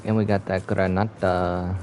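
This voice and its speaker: A man's voice: low-pitched, flat delivery, unhurried, darkish tone, a little hiss or hum. A young man streaming a game, giving laid-back casual commentary and humming between remarks.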